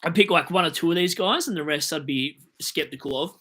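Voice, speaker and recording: A man's voice: a little high, fairly quick, sharp tone. A young Australian man hosting a fantasy football live stream, rambling and joking as he answers chat comments, with hiccups.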